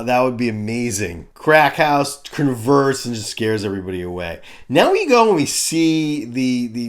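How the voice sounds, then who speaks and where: A man in his fifties giving a crude, ranting comedic review of a cartoon. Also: lowish voice.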